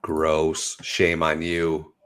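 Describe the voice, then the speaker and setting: A man's voice: rumbling low, completely flat delivery, extremely slow, fairly bright tone. A man co-hosting a casual late-night stream, joking dryly and reading a passage aloud in a grave tone. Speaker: podcast co-host and chat mod.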